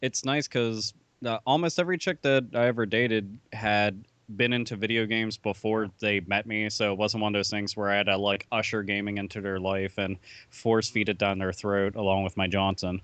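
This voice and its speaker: A man's voice: on the low side, fairly even intonation, normal speed, a bit bright, smooth, dry recording. A man chatting casually on a podcast, rambling and profane, with lots of fillers and restarts. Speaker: podcast panelist. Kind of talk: casual chat.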